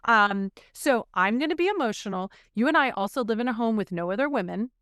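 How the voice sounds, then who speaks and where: A woman's voice: a little high, expressive, a little fast, a bit bright, clear, resonant tone, dry recording, clean studio sound. A woman co-hosting a podcast, talking candidly and reflectively in a casual chat. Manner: candid, reflective, openly emotional. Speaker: podcast co-host.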